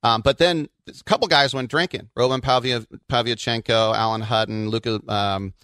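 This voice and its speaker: A man from the Bay Area co-hosting a casual soccer podcast, telling quick anecdotes with lots of asides. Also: medium pitch, steady tone, sharp tone, dry recording. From Bay Area, California. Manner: chatty storyteller, quick asides. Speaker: co-host.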